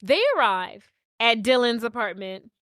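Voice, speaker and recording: This podcast co-host, a woman with a slightly high voice and a somewhat slow pace, recounts a film's story in a relaxed way. She acts out each character's dialogue with lots of cursing, captured in clean, dry studio sound.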